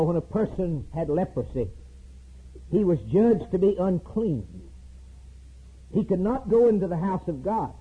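Raspy, lively preacher man on tinny tape. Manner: preaching with sudden loud high climbs and slow emphatic repetitions. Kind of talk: sermon. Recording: tinny lo-fi recording.

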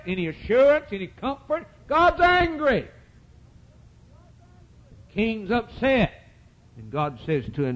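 Impassioned preacher man, wide swinging pitch. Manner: impassioned, swings from loud rising peaks to low quiet asides; folksy, repetitive preaching cadence. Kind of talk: sermon.

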